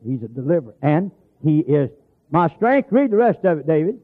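A man preaching a folksy sermon, his voice gravelly and a little high for a man. He stretches key lines out slowly for emphasis. The sound is thin and tinny, like an old broadcast. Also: big pitch swings.

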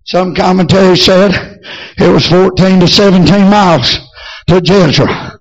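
A man's voice: sits high, steady tone, a little slow, muffled recording. A male preacher, delivering a rhythmic revival sermon in a church, chanting "hey" at the start of each phrase.

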